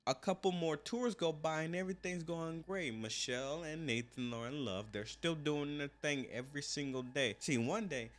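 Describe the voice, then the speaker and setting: A man's voice: on the high side, moderate pace, hardly any pauses. A young man telling a crime story in a casual, slangy, joking way.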